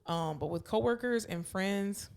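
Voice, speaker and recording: A woman co-hosting a podcast in casual chat, candid, laughing often and acting out quotes loudly. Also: mid-range voice, unhurried, vocal fry. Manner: animated storyteller, acts out quotes loudly. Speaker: podcast co-host.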